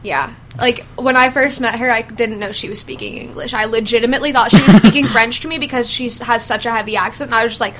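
A woman's voice: fairly high pitch, fast, few pauses, a little hiss or hum. A young woman chatting casually with friends, telling a story and laughing often. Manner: giggly, animated storyteller.

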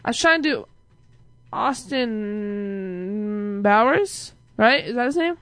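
A woman's voice: sits high, rapid-fire, fairly bright tone, dry recording, low-quality recording. A woman in casual chat, joking and rambling playfully between half-finished thoughts.

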